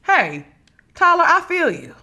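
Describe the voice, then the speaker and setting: Sassy bright-voiced woman podcast host. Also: very high-pitched, wildly swooping pitch, a little slow. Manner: sassy, blunt, swears freely, dramatic. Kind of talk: casual gossip commentary.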